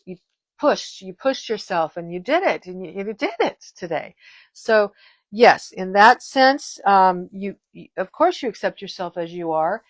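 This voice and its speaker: A woman's voice: mid-range voice, no room sound. A woman in her fifties giving a casual direct-to-camera monologue as a wellness vlogger, emphatic, firm and blunt, often restarting her sentences.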